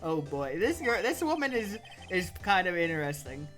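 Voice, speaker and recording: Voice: medium pitch, very animated, moderate pace, fairly bright tone, faint music behind. A streamer giving casual, rambling commentary while playing a game, with lots of "like" and filler. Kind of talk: casual let's-play commentary.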